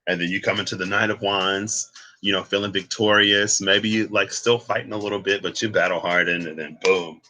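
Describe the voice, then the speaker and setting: A man's voice: low voice, fairly even intonation, a little fast, pushed and bright, slight background noise, rough recording. A man giving a casual, rambling tarot reading, thinking aloud with asides and bursts of laughter. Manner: laughs and exclaims between points. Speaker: tarot reader.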